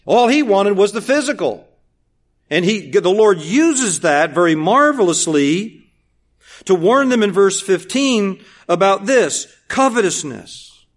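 Emphatic high-voiced preacher. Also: male voice. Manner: emphatic, repetitive rhetorical questions, swings between loud and hushed. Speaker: pastor. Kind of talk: sermon.

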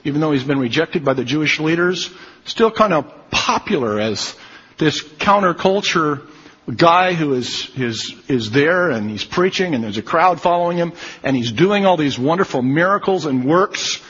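A man's voice: a little high, lively intonation, moderate pace, fairly bright tone, slightly rough, long reverb tail, highs cut off. A man preaching a sermon, emphatic and repeating his key phrases.

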